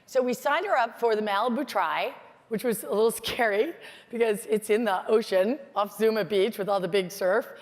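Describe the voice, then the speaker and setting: A middle-aged American woman telling stories in a lively, chatty motivational conference talk. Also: medium pitch, moderate pace. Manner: storytelling, animated, chatty with many "like"s. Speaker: keynote speaker. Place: large conference hall. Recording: hall reverb from a stage mic.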